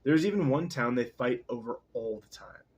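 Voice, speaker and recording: A man voicing a playful yet menacing male pharaoh in a casual read-aloud of a novel, with a husky, lively voice. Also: mid-range voice, brisk, dull audio. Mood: lecturing.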